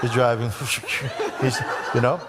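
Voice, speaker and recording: A man's voice: medium pitch, level tone, takes it slowly, heavy background noise. A man giving a spiritual talk to an audience, telling a story playfully, acting out voices and often laughing. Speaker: spiritual teacher in a played video. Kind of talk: spiritual talk with acted-out anecdote.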